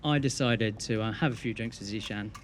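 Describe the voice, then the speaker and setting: A man's voice: fairly low pitch, a little fast, a little hiss or hum. A young man giving a best man's wedding speech, telling a teasing story with dry punchlines.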